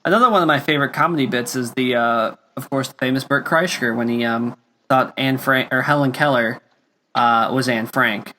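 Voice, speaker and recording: A man's voice: mid-range voice, a little fast, sharp tone, a little hiss or hum. A young man hosting a casual podcast chat, rambling with lots of fillers and restarts. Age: young adult. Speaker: podcast host.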